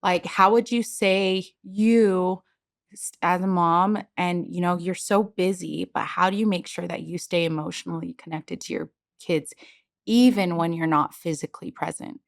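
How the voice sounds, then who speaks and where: A woman hosting a relaxed interview asks long, rambling questions and warmly affirms her guest's answers. Her voice sits on the low side. It is recorded close and dry. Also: moderate pace, gravelly, dry recording. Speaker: podcast host. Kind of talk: casual interview.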